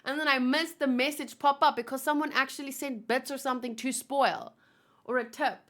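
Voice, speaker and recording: Chatty girl reading manga to her chat, kinda high, bright sharp voice. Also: steady tone. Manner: chatty and giggly, quick asides. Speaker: manga read-along host. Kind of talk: casual chat and reading aloud.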